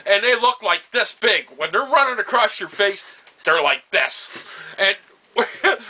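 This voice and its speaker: In a low-quality recording, an older man from Nova Scotia shares family stories in a relaxed storytelling style. His voice is high, lively, pushed and bright, and a little slow, with frequent laughter, chuckling asides, and phrases he trails off and repeats.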